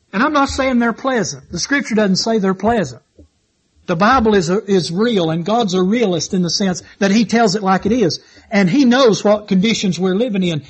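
A man's voice: sits high, husky. A man preaching a sermon in church, fervent and repetitive, stressing his points as his voice rises and falls. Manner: fervent, repetitive exhortation with rising and falling emphasis.

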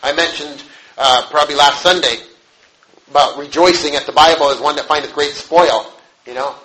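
A man pastor preaching a sermon, telling a story in a conversational, halting way with rhetorical questions. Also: fairly high pitch, bright, forceful tone. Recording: echoey room, faint noise.

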